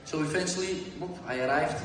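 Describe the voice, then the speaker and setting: A Dutch man, speaking English as a second language, telling lively dressing-room stories with plenty of swearing at a live Q and A. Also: a little high, a little fast. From Netherlands. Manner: lively anecdotal, swears, acts out dialogue. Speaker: guest. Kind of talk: live Q and A storytelling. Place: large hall before an audience. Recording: echoey hall from far off, crowd noise.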